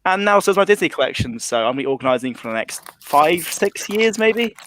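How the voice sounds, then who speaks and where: A man in casual conversation on a group livestream, talking in a relaxed, rambling way about his collection. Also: on the high side, brisk, a little hiss or hum. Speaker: livestream guest. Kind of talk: casual chat.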